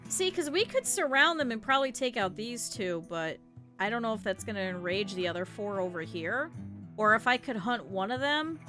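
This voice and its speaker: A woman's voice: on the high side, animated, moderate pace, bright, forceful tone, faint music behind. A young woman streaming a video game, chatting casually with her viewers and swearing in exasperated bursts at the game. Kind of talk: casual gameplay commentary.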